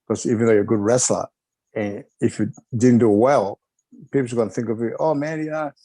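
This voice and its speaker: A man's voice: fairly low pitch, fairly even intonation, brisk, warm tone, breathy edge, no echo. A middle-aged man from Wales, a retired wrestler, reminiscing in a rambling, chuckling way with lots of filler phrases.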